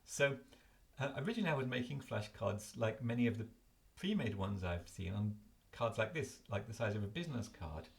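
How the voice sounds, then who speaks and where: A man's voice: fairly low pitch, lively intonation, a little fast, gravelly. An older man explaining his flashcards in a chatty, self-correcting way at home. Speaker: language learning video host. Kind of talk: casual explanatory talk to camera.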